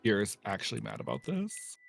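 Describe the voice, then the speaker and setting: A man's voice: fairly low pitch, sing-song, brisk, vocal fry. A man chatting while playing a game with friends, blunt and teasing. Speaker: streamer. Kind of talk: casual gaming stream chat. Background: game music.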